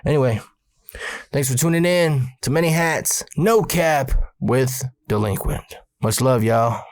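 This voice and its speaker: A man's voice: medium pitch, unhurried, no echo. A man in his forties, a podcast host, casually retelling a personal ghost story with plenty of swearing. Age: 40s.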